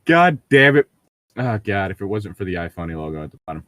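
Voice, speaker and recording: A man's voice: sits low, very animated, quick pace, a bit bright. A man chatting loosely and laughing often as he co-hosts a casual podcast, reading a book aloud with friends.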